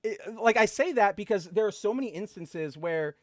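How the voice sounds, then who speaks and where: A man co-hosting a podcast, chatting casually and excitedly, full of fillers and gushing asides. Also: sits high, normal speed, dry recording, clean studio sound. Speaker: podcast co-host. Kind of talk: casual comic book chat.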